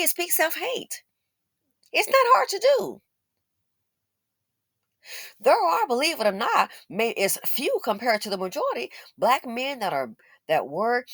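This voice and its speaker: A woman's voice: a little high, fairly bright tone, dry recording, studio quality. A woman giving blunt, sarcastic opinion commentary as a channel host, scolding and mocking as she talks.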